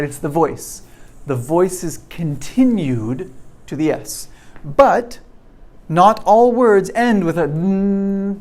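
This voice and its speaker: A man teaching a pronunciation lesson, explaining slowly and checking in often with "okay?". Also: fairly high pitch, a little mellow. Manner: slow, repetitive, checking in with "okay?". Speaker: English teacher.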